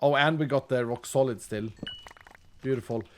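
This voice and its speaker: A man's voice: medium pitch, moderate pace. A man streaming a game, chatting casually and rambling, often laughing. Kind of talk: casual gaming commentary.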